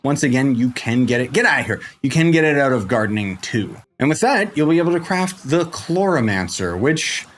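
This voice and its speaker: A man giving casual commentary for a game tutorial, rambling playfully with jokey asides and sudden jumps in pitch, into a desk microphone. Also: expressive, brisk, hardly any pauses, slight background noise. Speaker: game guide creator.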